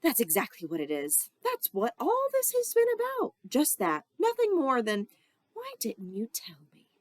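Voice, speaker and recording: A woman reads as a dramatic young girl, squeaky and pleading, her voice jumping high in panic. It comes across as a storybook read-aloud with a dry, close sound. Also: wildly swooping pitch, normal speed, dry recording, full character voice. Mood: panicked.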